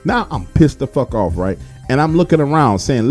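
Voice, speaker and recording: Animated, foul-mouthed male storyteller. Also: medium pitch, moderate pace, soft background music. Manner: animated, heavily profane. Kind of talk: casual spoken storytelling.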